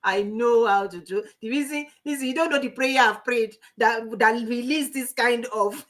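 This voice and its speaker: A Nigerian woman teaching a live online coaching class in an animated, preachy way, laughing often. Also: sits high, measured pace. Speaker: life coach.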